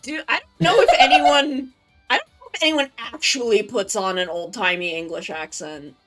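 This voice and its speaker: A woman's voice: a little high, normal speed, a bit bright, faint music behind. A woman hosting a live stream, rambling through casual chat with lots of fillers. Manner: rambling, filler-heavy, upbeat. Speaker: streamer host.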